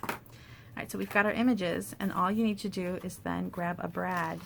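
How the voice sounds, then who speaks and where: A woman demonstrating paper crafts in a casual tutorial, chatty and thinking aloud with soft asides under her breath. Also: lowish voice, fairly even intonation, normal speed, creaky, background noise.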